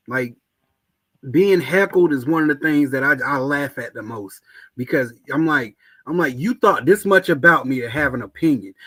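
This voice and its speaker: A man hosting a casual podcast interview, talking in an animated way, repeating words and using lots of fillers. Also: medium pitch, no room sound, low-quality recording. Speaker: podcast host.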